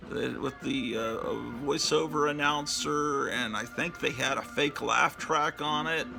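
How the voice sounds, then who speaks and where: Slow, very gravelly man in his fifties. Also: mid-range voice, poor audio. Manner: rambling, reminiscing, many fillers. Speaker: comic book collector and host. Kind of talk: casual show-and-tell monologue. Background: background music.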